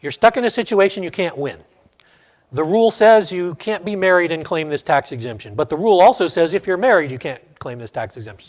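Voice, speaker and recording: Guy teaching sunday school, quizzes the class, bounces all over in pitch. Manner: storytelling, asks the class questions.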